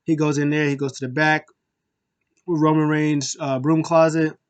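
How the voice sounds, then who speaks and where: A man casually recapping a wrestling show, animated and acting out the wrestlers' lines in quick impressions. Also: on the high side, smooth.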